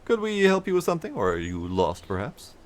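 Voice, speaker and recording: A man's voice: a little high, wildly swooping pitch, fairly quick, pitched above the performer's own voice. A man voicing a friendly, chatty male bridge construction supervisor in a game, reading the lines in a raised, courteous, slightly theatrical voice.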